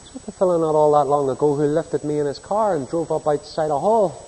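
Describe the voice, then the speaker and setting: A man preaching a sermon, telling anecdotes and acting out the people in them, swinging from hushed to loud. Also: on the high side, fairly quick. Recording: echoey hall with long reverb.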